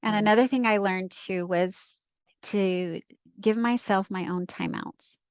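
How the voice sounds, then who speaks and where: A middle-aged woman talks as a podcast guest in a casual, affirming way, often saying "right" and "you know" as she agrees. Her voice sits at a middle pitch. The sound is a little dull and muffled, as on a remote call, and the room is dry. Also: unhurried, smooth, no room sound. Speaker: podcast guest, anxiety coach. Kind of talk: casual conversation.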